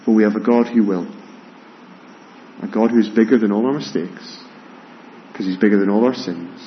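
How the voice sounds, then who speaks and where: A man's voice: lowish voice, moderate pace, lo-fi sound, a little hiss or hum. A man preaching a sermon as pastor, earnest, often repeating words as he starts a phrase. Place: church, with rain heard outside.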